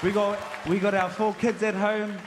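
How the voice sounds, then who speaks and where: A man's voice: high voice, little pitch movement, moderate pace. Laughing New Zealand man on a hall stage. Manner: playful, rambling, laughs often. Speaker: award winner giving an acceptance speech. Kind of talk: off-the-cuff acceptance speech. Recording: large echoing hall with crowd noise.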